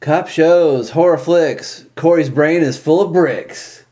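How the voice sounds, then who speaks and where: A cranky middle-aged guitar man, as a man puts him on in a tabletop game, belting a sing-song chant at a raised pitch. The delivery is loud and taunting. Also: takes it slowly. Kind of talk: tabletop game role-play.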